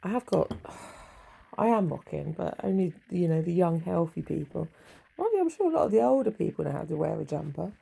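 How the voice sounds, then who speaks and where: A middle-aged woman talks in a rambling, offhand way, with a gravelly, husky edge to her voice. Her tone is low and mellow, and she drifts between wry asides and casual swearing as she chats from home. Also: animated, a little fast, low-quality recording. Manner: chatty, wry, swears freely, laughs at own asides. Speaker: vlogger. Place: home bedroom.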